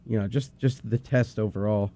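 A man's voice: lowish voice, fairly even intonation, moderate pace, dark tone. A man hosting a casual quiz, teasing the players and laughing often. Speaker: quiz host. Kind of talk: casual chat.

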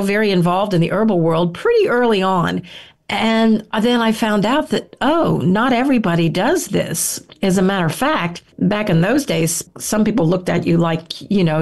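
An older woman, a guest herbalist, telling stories in a relaxed interview, rambling with frequent restarts. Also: mid-range voice. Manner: warm, rambling, with frequent self-restarts and "you know". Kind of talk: casual storytelling interview answer.

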